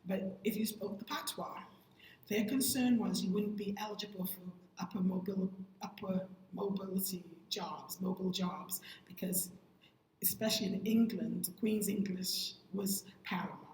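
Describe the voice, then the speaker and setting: Animated woman in an echoey room. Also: moderate pace, slight background noise. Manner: animated, quotes sayings with lively pitch jumps. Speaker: vlogger. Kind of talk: casual talk explaining sayings.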